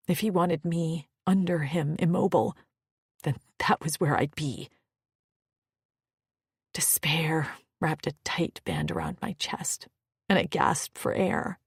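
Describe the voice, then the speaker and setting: A woman narrating a first-person romance audiobook in an emotional, breathy, intimate way. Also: lowish voice, no room sound, studio quality.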